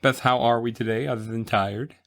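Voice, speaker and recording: A man in his forties hosting a casual podcast, goofy and quick to laugh. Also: fairly even intonation. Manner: goofy, laughs a lot, breaks into silly high voices. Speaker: podcast host. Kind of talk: casual chat.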